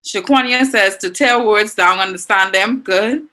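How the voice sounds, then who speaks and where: A woman's voice: medium pitch, measured pace, bright, forceful tone. A woman with a Bahamian accent teaching an online language class, reading out students' answers and praising them. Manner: encouraging, reads out students' chat answers.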